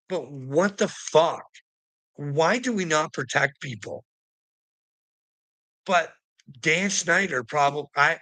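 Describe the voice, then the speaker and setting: A man's voice: medium pitch, sharp tone, no echo, low-quality recording. A man in an angry, profane commentary rant, firing off rhetorical questions and mocking taunts. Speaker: vlogger.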